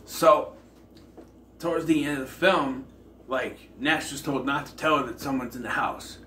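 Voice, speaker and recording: A bright, forceful mid-range voice, slightly slow, comes from well away from the mic. The man hosts a casual film review channel, chatting in a meandering way packed with fillers and self-corrections, in an echoey room with faint ambient noise.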